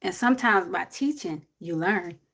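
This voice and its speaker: A woman's voice: fairly low pitch, lively intonation, moderate pace, a bit bright, breathy edge. A woman, giving blunt, preachy advice to a viewer on a casual livestream. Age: 40s.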